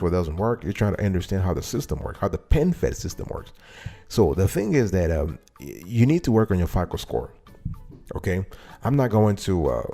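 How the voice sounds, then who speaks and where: A man's voice: deep voice, warm tone. A man hosting his own show, talking straight to his listeners in a casual, emphatic way, repeating his key points and asking them questions. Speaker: host. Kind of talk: casual talk-show monologue.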